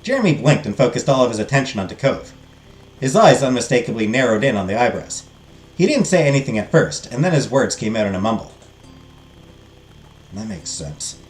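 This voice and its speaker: A middle-aged man from the United States reads a game's story with a lively, swooping delivery and chats between lines. His voice sits in a mid range. There is a roomy echo with soft music behind. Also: medium pitch, fast. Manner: expressive reader, chatty asides. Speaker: host. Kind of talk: reading a game's story aloud.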